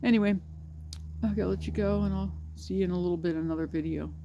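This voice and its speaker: A woman talking casually to the camera beside her dog's pen, tearful and grieving, speaking haltingly with many pauses and restarts. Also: on the low side, fairly even intonation, gravelly, mellow, highs cut off, a little hiss or hum. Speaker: pet owner vlogger. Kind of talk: casual personal vlog.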